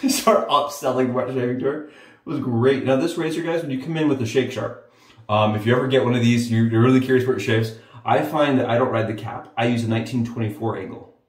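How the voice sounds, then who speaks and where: With the mic at a distance and a roomy echo around him, a man shaves his head and chats eagerly to viewers, calling them "guys" a lot. He speaks a little fast in a mid-range voice.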